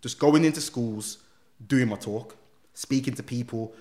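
Guy telling his story, slangy and lively, swings up and down, middle voice. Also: mid-range voice, unhurried. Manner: animated, slangy, acts out voices. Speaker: guest. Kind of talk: emotional personal storytelling.

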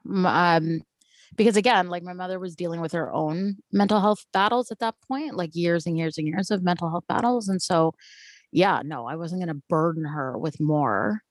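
A woman, a guest, telling a personal story in an animated way and acting out the voices of the people in it, often close to tears. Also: fairly low pitch, moderate pace, dry recording. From Canada. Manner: animated, acts out quoted voices.

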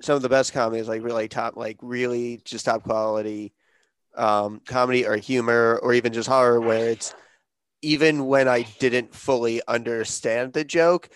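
A man's voice: mid-range voice, steady tone, moderate pace, clear, resonant tone. Laid-back man who swears freely. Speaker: podcast panelist. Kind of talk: casual discussion.

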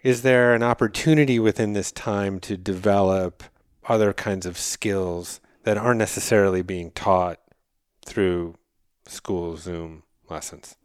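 A man's voice: low-pitched, steady tone, unhurried, smooth, no room sound, studio quality. A man hosting an interview, summing up his guest's points and then asking long, thoughtful questions. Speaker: podcast host.

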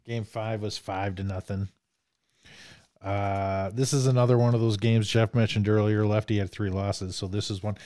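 A man's voice: on the low side, fairly even intonation, normal speed, mellow, dry recording, clean studio sound. A man hosting a casual movie discussion podcast, joking and reading from his notes. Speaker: podcast host.

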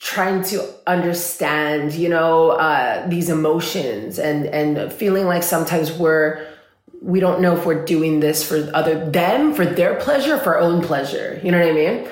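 Animated woman coach in an echoey room. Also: sits low, unhurried. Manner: animated, swears freely, heavy "like" filler. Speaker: spiritual and business coach. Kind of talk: casual podcast conversation.

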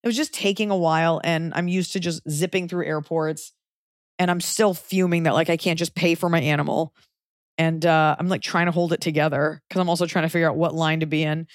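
A woman hosting a podcast, chatting casually with frank, profane, animated storytelling. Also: sits low, fairly quick, no echo, clean studio sound. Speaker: podcast host.

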